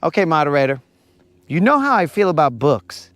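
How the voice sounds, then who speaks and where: A man's voice: fairly high pitch, very animated, brisk, fairly bright tone, dry recording. Playful slangy man fishing on a lake. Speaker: fishing livestream host. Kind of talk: joking banter with chat.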